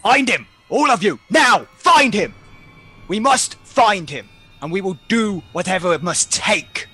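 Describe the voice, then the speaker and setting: A man playing a husky, desperate father. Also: mid-range voice, slow, pushed and bright, heavily acted. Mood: urgent. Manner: commanding, pleading, urgent. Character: desperate grieving father and town leader. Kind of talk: tabletop role-play. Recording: faint background music.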